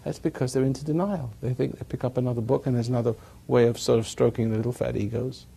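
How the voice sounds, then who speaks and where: A man's voice: mid-range voice, steady tone, quick pace, creaky, warm tone, breathy edge. A man giving a rambling talk to a live audience, chuckling at his own jokes as he tells stories. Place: evening gathering with an audience.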